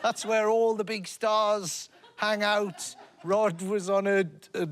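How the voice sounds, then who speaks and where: On a TV panel show, in a studio with an audience, an English man tells a rambling comic story in a high, slow voice. He's animated and laughs through his words as he goes.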